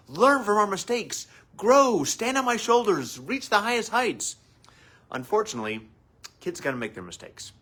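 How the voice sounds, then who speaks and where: Animated, husky-voiced male therapist. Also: medium pitch. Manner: animated, acts out quoted voices. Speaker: family therapist host. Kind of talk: live advice talk.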